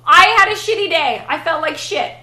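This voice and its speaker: A young woman with a high, bright voice chats bluntly while she cooks on her livestream, swearing now and then. The kitchen sounds echoey, with faint sizzling behind her. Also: animated, normal speed. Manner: chatty, blunt, swears casually. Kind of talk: casual chat while cooking on stream. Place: home kitchen.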